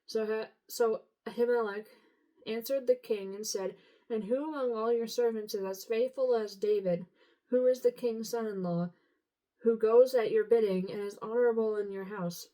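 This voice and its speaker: A woman's voice: on the high side, moderate pace, warm tone, low-quality recording. A woman reading scripture aloud in a casual, unpolished way, tripping over hard names. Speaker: Bible reader.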